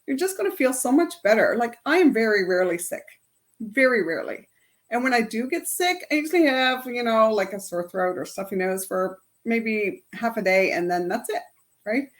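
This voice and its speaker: A middle-aged woman life coach leading a self-help workshop in a casual, chatty way, often ending her points with "right?". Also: on the high side. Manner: chatty, tags lines with "right?". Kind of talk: casual workshop talk to a group.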